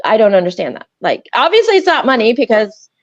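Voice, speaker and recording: A woman's voice: fairly high pitch, big pitch swings, brisk, no room sound. A woman campaign volunteer in a casual political chat, talking in a conversational and slightly bewildered way. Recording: dull dry lo-fi sound.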